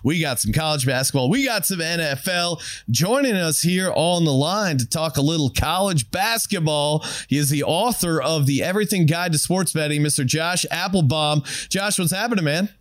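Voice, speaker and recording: A man hosting a sports betting show from a studio, relaxed and upbeat, laughing easily. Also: on the high side, normal speed, few pauses, no room sound. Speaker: sports betting podcast host. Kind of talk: casual sports talk hosting. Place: network studio.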